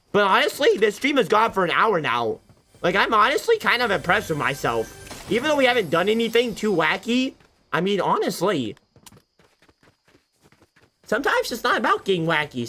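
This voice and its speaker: A man's voice: high-pitched, sharp tone, slight background noise. A man streaming a game, chatting casually with goofy, self-mocking banter. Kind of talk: casual gameplay commentary.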